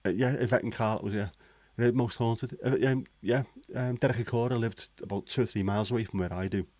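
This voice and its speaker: Male host, very low voice, dry close sound, sweary cynical banter. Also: fairly even intonation, a little fast, darkish tone, dry recording. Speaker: livestream host. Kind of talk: casual chat.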